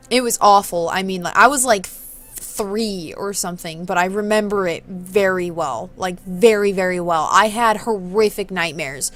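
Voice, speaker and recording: Twenties woman host, chatty and self-deprecating, rambles, flares up excitedly; faint music behind. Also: medium pitch. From southern California. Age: 20s. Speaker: let's-play host. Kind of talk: casual commentary while reading a game.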